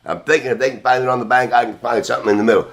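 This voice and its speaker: A man's voice: medium pitch, steady tone, rapid-fire. A man hosting a podcast, telling a long story in a casual, rambling, profane way. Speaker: podcast host.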